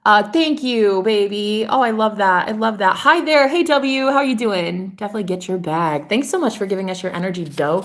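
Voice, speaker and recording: A woman's voice: mid-range voice, lively intonation, normal speed, few pauses, a bit bright. A woman tarot reader chatting on a live stream, gushing and swearing freely as she talks to viewers.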